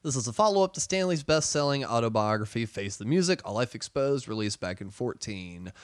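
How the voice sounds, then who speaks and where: A man with a Southern accent chats on a podcast, his pitch bouncing all over as he jokes and swears freely. The sound is dry and close, with no room around it. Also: brisk, dry recording. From South Carolina, US. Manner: animated, profane, jokey. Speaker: podcast host. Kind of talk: casual chat.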